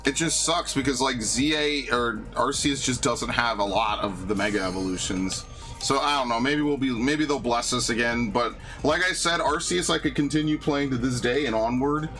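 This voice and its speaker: A man streams a game and gives casual live commentary in a bright, forceful, medium-pitched voice at normal speed. The gaming streamer grumbles, rants and swears, while game music plays in the background.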